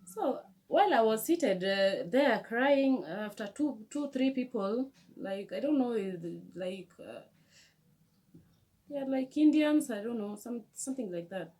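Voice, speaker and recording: A young woman with a Kenyan accent, telling a storytime vlog in an animated, emotional way with many restarts. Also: a little high, a little slow, husky. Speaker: vlogger.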